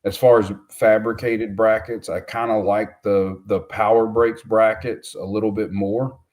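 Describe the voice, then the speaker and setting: Low-voiced easygoing co-host. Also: male voice, level tone, unhurried, darkish tone. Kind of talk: casual livestream chat.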